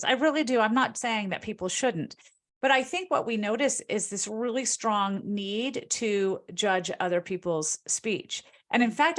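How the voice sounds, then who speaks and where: Animated woman linguist explaining. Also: fairly high pitch. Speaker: linguist and author answering audience questions. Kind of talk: lecture-like Q&A answer.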